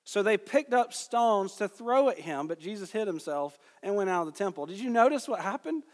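High-voiced man preaching in a reverberant hall. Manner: emphatic, rising on key phrases. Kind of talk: sermon with scripture reading.

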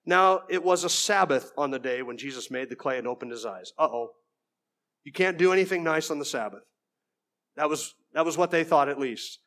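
A man with a notably high speaking voice delivers an expository sermon, walking through a text verse by verse. He keeps it conversational, with folksy asides and frequent stumbles and restarts. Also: lively intonation, normal speed, a bit bright. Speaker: preacher.

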